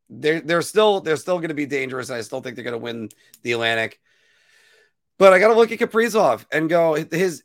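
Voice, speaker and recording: A man's voice: a little high, no echo, clean studio sound. Self-mocking man hosting a hockey chat. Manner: self-mocking, laughs often at his own slips. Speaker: podcast co-host.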